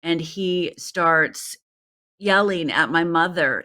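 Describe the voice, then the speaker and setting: A woman's voice: low-pitched, slow pace, sharp tone. A middle-aged woman from Upper Michigan, a life coach guest telling a personal story in a podcast interview, earnest and speaking straight to the host. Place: Los Angeles.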